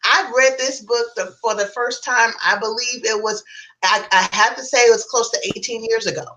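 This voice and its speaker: A chatty woman talks through a book review on a podcast, emphatic and quick to laugh. Her voice sits a little high and sounds bright and forward. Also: steady tone, low-quality recording. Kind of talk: casual podcast chat.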